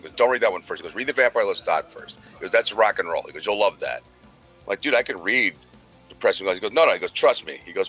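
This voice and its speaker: A man's voice: on the low side, pushed and bright. A man co-hosting a gaming news show, telling rambling, profane stories in casual chat. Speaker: podcast co-host.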